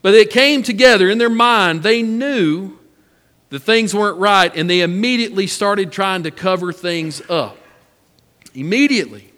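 A man's voice: high-pitched, normal speed, a bit bright, in a large hall. A man preaching a sermon, a folksy storyteller who repeats his phrases. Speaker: pastor.

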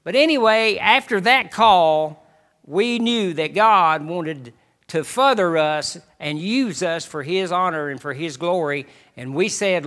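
A middle-aged man, a missionary preacher, giving a folksy personal testimony to a congregation with halting restarts. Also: high-pitched, expressive, fairly bright tone.

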